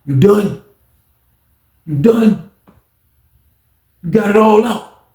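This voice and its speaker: A man voicing a weary male inmate who coaxes and pleads with a friend to calm down. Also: high voice, drawn-out words, reverberant, distant mic, pitched above the performer's own voice, heavily acted. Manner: coaxing, pleading.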